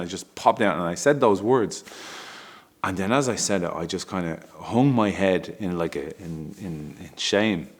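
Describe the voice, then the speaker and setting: A middle-aged man telling a candid, emotional story about his family, halting and restarting with small laughs. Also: low-pitched. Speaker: father telling a personal story.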